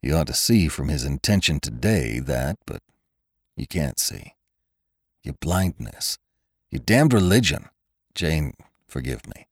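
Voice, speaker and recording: A man's voice: a bass voice, very animated, a little slow, pauses often, husky, no echo, studio quality, heavily acted. A man voicing a bitter, hot-blooded young cowboy who speaks in clipped, intense phrases.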